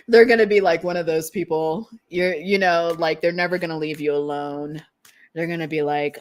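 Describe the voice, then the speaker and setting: A woman's voice: sits low, fairly even intonation, normal speed. A woman giving a casual collective tarot reading, rambling, often laughing and trailing off while she searches for words. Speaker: tarot reader. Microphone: streaming setup.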